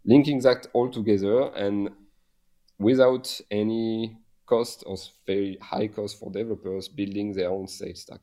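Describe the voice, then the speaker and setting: A man's voice: on the low side, fairly even intonation, moderate pace, mellow. A man with a French accent, a guest in a casual podcast interview, speaking hesitantly with many fillers and restarts. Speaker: guest, software company founder.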